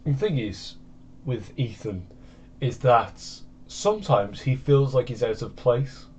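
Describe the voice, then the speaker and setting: A man's voice: mid-range voice, animated, slow pace, darkish tone, highs cut off, slight background noise. Rambling man chatting over gameplay. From United Kingdom. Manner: rambling, meandering chat. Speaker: gaming channel host. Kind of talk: casual gameplay commentary.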